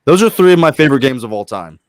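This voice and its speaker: A man's voice: mid-range voice, lively intonation, quick pace. A man co-hosting a casual gaming stream, swearing freely and retelling story scenes with passion.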